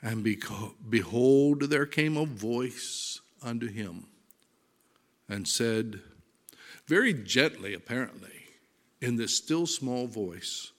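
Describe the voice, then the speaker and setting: A man preaching a sermon, reading scripture aloud with deliberate emphasis, swelling loud on verses and dropping soft and low. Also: expressive. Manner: slow, deliberate delivery, rising loud on verses and dropping to near-whisper.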